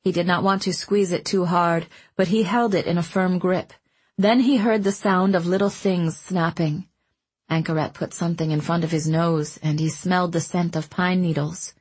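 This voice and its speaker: A woman reading a story aloud as an audiobook narrator, in a calm, even manner. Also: fairly low pitch, moderate pace, slightly rough. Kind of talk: scripted narration.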